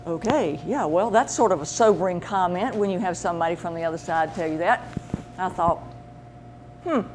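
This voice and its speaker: A woman with a lowish voice speaks at a normal pace, with a faint hiss or hum in the background. She's a pet medium and show host telling a personal story casually, animated and acting out the voices of the people she quotes.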